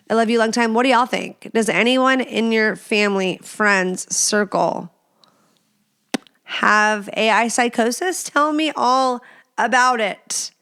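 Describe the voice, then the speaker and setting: A woman's voice: fairly high pitch, slow pace, a bit bright, clear, resonant tone. A woman hosting a podcast in a casual monologue, blunt and crude, stretching words out for emphasis. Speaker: podcast host.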